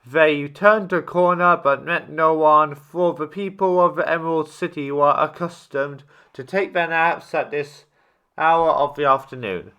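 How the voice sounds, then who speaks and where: A man reading a children's story aloud, steady with small slips and restarts. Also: a little high, measured pace, smooth, lo-fi sound.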